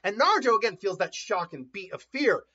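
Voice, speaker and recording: A man casually retelling a story in an animated way, often laughing and acting out voices, on a dull lo-fi recording. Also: high voice, a little fast.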